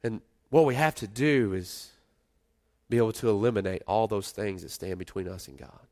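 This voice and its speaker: A middle-aged man preaching a sermon in a conversational way, rising to loud emphasis and dropping to quiet asides. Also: lowish voice, moderate pace. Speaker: pastor.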